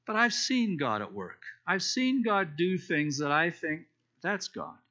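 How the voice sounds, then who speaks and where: Bright-voiced man preaching casually, lo-fi. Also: on the high side, very animated, a little slow. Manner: casual and explanatory, with fillers and restarts. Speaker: preacher teaching a Bible study. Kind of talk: conversational sermon, retelling scripture. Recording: dull lo-fi recording.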